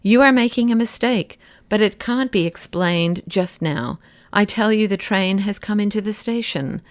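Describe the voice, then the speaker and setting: A woman reading an audiobook, voicing an excitable male nobleman who pleads and rants. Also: mid-range voice, moderate pace, no echo, natural voice. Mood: cheerful, reckless. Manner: exasperated, pleading, then bursts of ranting insults. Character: flamboyant middle-aged male nobleman, frantic.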